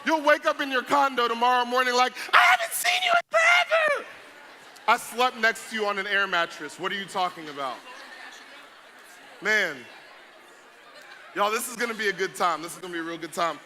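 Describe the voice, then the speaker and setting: Young male emcee, high and bright, playful crowd banter, noisy live hall. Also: fairly quick, pauses often. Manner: playful, hype, joking with audience. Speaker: youth event speaker. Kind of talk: energetic stage talk to a crowd. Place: large event hall with audience. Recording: noisy live event recording.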